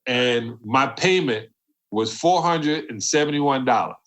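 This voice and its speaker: A man in his fifties, a podcast guest telling stories from his career and acting out the voices of people he quotes. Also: measured pace. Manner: animated storyteller who acts out quoted voices with big pitch jumps. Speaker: podcast guest, former basketball player. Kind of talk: storytelling interview.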